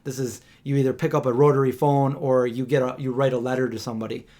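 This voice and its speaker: Animated male storyteller on a live stream. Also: fast. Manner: animated storyteller, acts out quotes with raised pitch; restarts and fillers, conversational.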